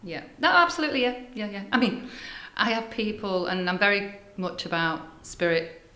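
An older woman, a spiritual healer, telling stories in a casual interview, animated and dropping into hushed asides. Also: medium pitch, moderate pace. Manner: animated, breathy storyteller, drops to hushed asides. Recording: echoey room.

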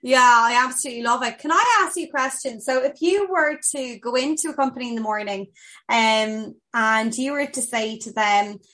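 An Irish woman with a slightly high voice hosts a podcast over a video call. She talks with eager enthusiasm, and her questions wander before they arrive. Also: normal speed, bright, forceful tone, poor audio. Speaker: podcast host. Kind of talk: casual interview chat.

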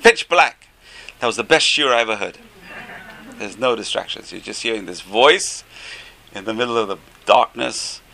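A middle-aged or older man, a rabbi teaching a class, tells stories in an animated way with many rhetorical questions. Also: lowish voice, normal speed, vocal fry, long pauses. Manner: animated, rhetorical questions, stretches key phrases. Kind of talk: Torah class storytelling.

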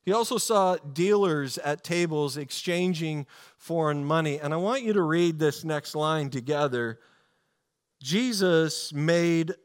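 A man preaching a sermon in a casual, animated storytelling way, with many fillers and restarts. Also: on the high side. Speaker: pastor.

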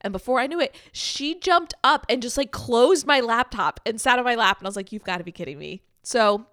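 A young woman from Texas co-hosting a podcast, telling stories in a chatty, animated way and laughing often. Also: a little high, normal speed, dry recording, studio quality. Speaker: podcast co-host. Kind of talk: casual chat.

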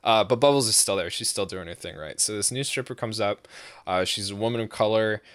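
A man's voice: fairly low pitch, brisk, fairly bright tone, dry recording, clean studio sound. A young man tells a rambling, profane anecdote in casual podcast talk, full of fillers and "right?" tags, and he keeps breaking into laughter. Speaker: storyteller.

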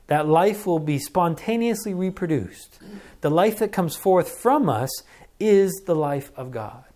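A middle-aged man preaching a sermon as pastor, earnest and conversational, acting out deep breaths. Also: a little mellow.

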